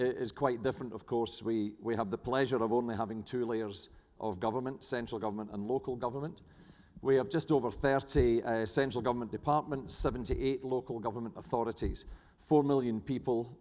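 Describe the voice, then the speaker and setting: A man's voice: medium pitch, a little mellow. A middle-aged man with a New Zealand accent giving a conference panel talk, hesitant with many fillers and restarts, and a dry sense of humour. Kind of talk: conference presentation. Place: large conference hall. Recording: echoey conference hall.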